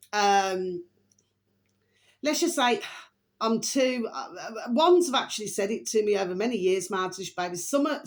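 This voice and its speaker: A woman hosting her own vlog, talking in a rambling, chatty way, often breaking off to apologize and to repeat a fond pet phrase to her viewers. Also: a little high. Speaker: channel host. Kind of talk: rambling casual vlog chat.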